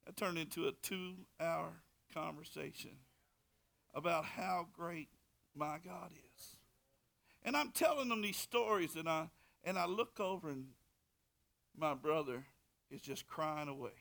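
A man preaching a personal testimony, swinging between loud bursts and hushed asides. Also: fairly high pitch, creaky. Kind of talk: sermon testimony.

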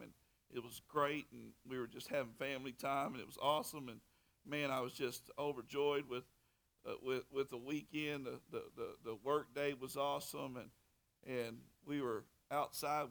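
Fervent gravelly preacher man. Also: a little high. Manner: fervent storytelling, swinging between loud bursts and hushed asides. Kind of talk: sermon testimony.

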